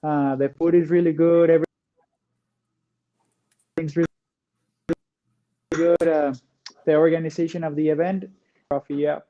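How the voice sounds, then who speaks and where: Mexican-accented guy on a muffled call, kinda high voice, laid back, lots of uhs. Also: flat delivery, warm tone. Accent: Mexican Spanish. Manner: easygoing, frequent "uh" pauses. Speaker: guest, pro racquetball player. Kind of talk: casual interview answers.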